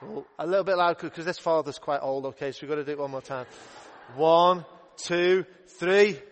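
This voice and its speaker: Racing through a Bible story for kids, a young male youth minister keeps things playful and upbeat in a voice that's fairly high for a man, his intonation fairly even. A very noisy crowd sits underneath him. On top of that, the church hall adds a long, ringing reverb.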